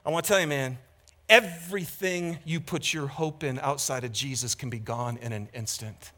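A man preaching a sermon as pastor, candid and conversational, swinging from loud emphatic peaks to hushed moments. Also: medium pitch, normal speed.

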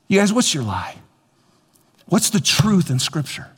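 A man preaching a sermon as pastor, animated and repetitive, speaking straight to his congregation. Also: high-pitched, measured pace, pauses often, slightly rough. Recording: long hall reverb.

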